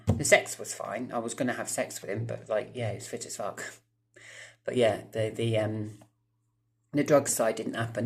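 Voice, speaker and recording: A man, telling a rambling storytime to his viewers, swearing freely and breaking off into asides. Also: on the low side. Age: 30s. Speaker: vlogger. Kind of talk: casual storytime monologue.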